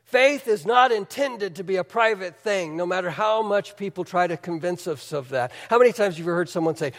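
A man's voice: high voice, animated, brisk, long reverb tail. A male pastor preaching a sermon in an earnest, conversational, emphatic way.

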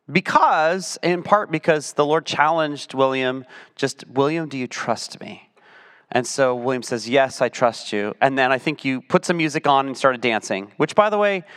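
A man's voice: a little high, fairly bright tone. A man leading a church service, interviewing a guest with prompting questions and lighthearted asides. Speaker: pastor.

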